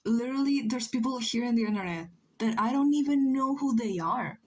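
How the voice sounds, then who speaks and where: A woman's voice: fairly high pitch, animated, brisk, darkish tone. A young woman from Chile, chatting casually and joking with her chat while she draws on a livestream. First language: Spanish. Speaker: streamer.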